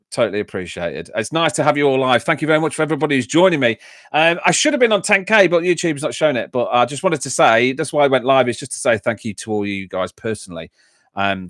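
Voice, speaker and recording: A man's voice: medium pitch, fast talker, a bit bright, no room sound, clean studio sound. Chatty Midlands man on a livestream. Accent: English Midlands. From English Midlands. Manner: chatty, laughs often, rambling anecdotes. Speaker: YouTube channel host. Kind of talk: casual livestream chat reading comments.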